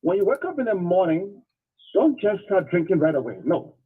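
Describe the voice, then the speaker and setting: A man phones in to a breakfast show with health advice, laying it out point by point and stressing each one again. His voice is husky, a little raised in pitch, and squeezed through a thin, phone-like line. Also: big pitch swings, normal speed. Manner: repetitive, emphatic, step-by-step advice. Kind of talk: instructive health talk.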